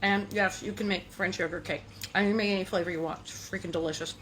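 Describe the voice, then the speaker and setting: A woman's voice: medium pitch, steady tone, fast talker, a bit bright, slight background noise. A woman hosting a casual cooking demonstration in a kitchen, chatty and playful, breaking into sing-song asides. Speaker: cooking show host.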